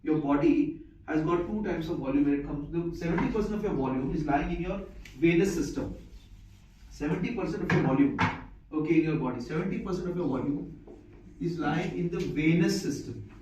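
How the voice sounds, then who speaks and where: A medical lecturer addresses a live class in a fairly quick, expressive voice that sits on the high side with a darkish tone. He repeats key points and checks that listeners are following, and the recording is echoey, distant and muffled, with slight background noise.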